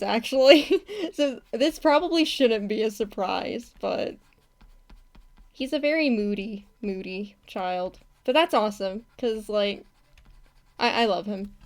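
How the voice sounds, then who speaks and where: A young woman from the United States chatting casually on a live stream while she animates, talking in a chatty way with lots of laughs and self-corrections. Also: mid-range voice. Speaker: animator streaming her work.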